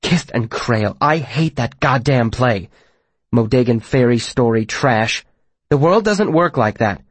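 A man voicing a worldly, blunt young woman in an audiobook, talking matter-of-factly with a sharp tongue. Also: medium pitch, lively intonation, a little slow, husky, no room sound. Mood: venomous. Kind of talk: audiobook character voice.

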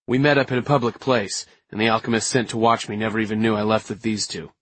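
A man's voice: fairly low pitch, steady tone, quick pace, husky, no echo. A man voicing a confident, easygoing young man in an audiobook. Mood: assured.

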